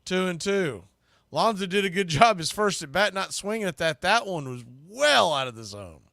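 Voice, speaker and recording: Man calling baseball play-by-play, fairly high voice, dry close mic, chatty pitch-by-pitch analysis, louder on big moments. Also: big pitch swings, normal speed, gravelly, no echo. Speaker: play-by-play announcer.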